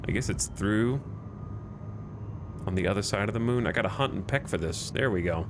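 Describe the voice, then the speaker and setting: In a lowish voice at a moderate pace, a man chats loosely with his viewers while playing a video game, joking around and restarting sentences often. Background noise can be heard.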